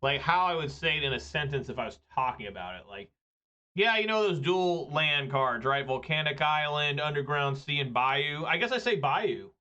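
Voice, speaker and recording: A man's voice: fairly high pitch, lively intonation, moderate pace, sharp tone. Man, chatty gameplay commentator, slightly lo-fi mic. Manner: rambling, joking, chatty. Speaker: gaming video creator.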